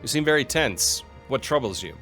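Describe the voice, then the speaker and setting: A man reading aloud the part of a calm Spartan wife, reassuring her husband in a gentle way. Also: medium pitch, normal speed, faint music behind, close to an everyday voice.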